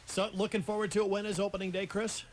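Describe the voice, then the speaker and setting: A man's voice: high-pitched, little pitch movement, quick pace, background noise. A man hosting a casual radio sports chat, asking his guests questions. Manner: chatty, asks guests questions. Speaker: radio show host.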